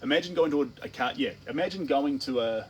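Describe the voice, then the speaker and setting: A man's voice: medium pitch, fast talker, a little hiss or hum, poor audio. A man with a New Zealand accent, an artist chatting casually on a livestream while he paints, rambling and playful. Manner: rambling, playful, full of restarts and tangents.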